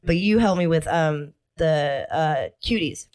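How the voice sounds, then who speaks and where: A woman's voice: low-pitched, expressive, measured pace, a little mellow. Chatty laughing woman co-host. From Italian heritage. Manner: chatty, laughing, lots of fillers. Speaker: podcast co-host. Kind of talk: casual chat.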